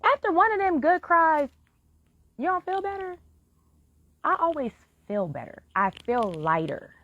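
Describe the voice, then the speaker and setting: A woman speaks frankly in a candid live-stream monologue, cursing freely and pressing her point with heartfelt encouragement. Her pitch swings widely from line to line. The sound is dull and lo-fi, with a dry, close feel. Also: very animated, measured pace, no echo. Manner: blunt, frank, swears freely.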